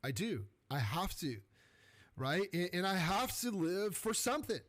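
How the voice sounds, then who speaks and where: A middle-aged man from California hosting a podcast, giving an energetic, colloquial motivational faith talk that keeps asking "right?". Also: high-pitched, a little slow. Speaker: podcast host.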